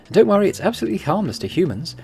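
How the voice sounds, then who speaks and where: A man's voice: high-pitched, sing-song, rapid-fire, gravelly, dark tone, slight background noise, voice pushed up, heavily acted. A man reading out a young student's game dialogue in a raised, upbeat voice, chatty and persuasive. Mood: eager. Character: eager young plant-science student.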